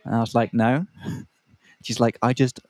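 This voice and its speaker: Speaking at a normal speed with medium pitch and fairly even intonation, a young Australian co-host of a podcast for English learners tells a meandering, relaxed story. He stops to clarify slang and plays out the other voices, and there's no echo.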